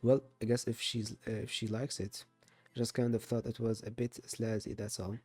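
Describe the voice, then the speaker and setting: A man's voice: on the low side, level tone, moderate pace, a little mellow, slightly rough, faint music behind. A man voicing a sullen, jealous young woman in a dating game, grudging and squeamish. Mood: sulky.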